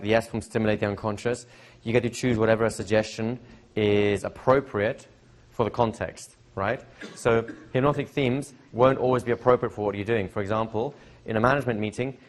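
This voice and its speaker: A middle-aged man teaching hypnosis to a live seminar audience, chatty and repetitive, often checking in with questions. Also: on the low side. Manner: conversational, repeats phrases, asks the audience questions. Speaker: hypnosis trainer.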